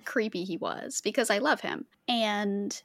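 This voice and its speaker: A young woman co-hosting a podcast in casual chat, an expressive storyteller who laughs often. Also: medium pitch, unhurried, vocal fry, no echo, clean studio sound. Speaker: podcast co-host.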